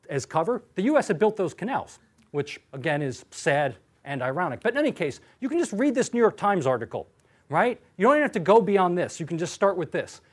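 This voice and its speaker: A man lecturing in an animated, sarcastic way, often acting out what others said. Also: high-pitched. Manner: animated, sarcastic, acts out quotes.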